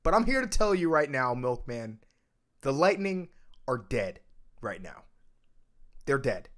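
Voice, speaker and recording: A man hosting a casual sports podcast, ranting emphatically and swinging between loud outbursts and low mutters. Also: sing-song, unhurried. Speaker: podcast host.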